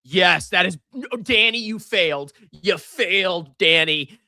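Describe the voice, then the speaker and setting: A man doing loud, sarcastic reaction commentary as a finance channel host, reading out and mocking viewer comments. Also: high voice, slow pace, no room sound, clean studio sound.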